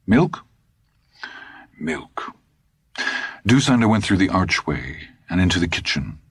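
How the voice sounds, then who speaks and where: A man narrating an audiobook in a deliberate storytelling manner, recorded on a close studio mic. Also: low-pitched, big pitch swings, slightly rough, dry recording. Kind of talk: scripted narration.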